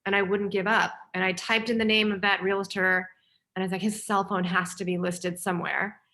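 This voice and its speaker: A woman film director on a panel, telling a story with lively acted-out dialogue. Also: mid-range voice, a little fast.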